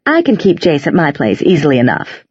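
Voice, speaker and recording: Woman doing a flamboyant warlock guy, lazy playful drawl, a bit husky. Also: sits low, huge pitch swings, a little fast, a little mellow, no room sound, muffled recording, heavily acted. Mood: amused. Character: flamboyant joking male warlock, young-looking, languid.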